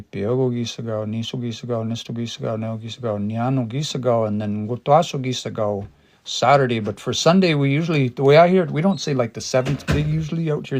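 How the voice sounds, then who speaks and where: A man with a gravelly, mid-pitched voice talks through a casual language lesson. He thinks aloud, restarts his phrases and sounds words out one syllable at a time. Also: darkish tone. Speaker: Cree language teacher.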